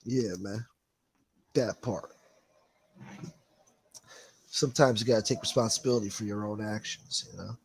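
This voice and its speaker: There's a bit of hiss or hum as a man with a fairly low voice, unhurried and pausing often, hosts a livestream. He reads out chat comments and riffs on them with swearing, wisecracks, and rambling asides, calling people "boy."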